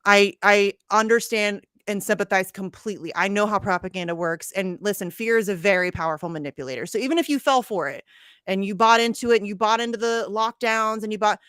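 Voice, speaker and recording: A woman's voice: mid-range voice, fairly quick, a bit bright, clean tone, no room sound, studio quality. A woman hosting a casual online panel talk, blunt and swearing freely. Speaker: show host.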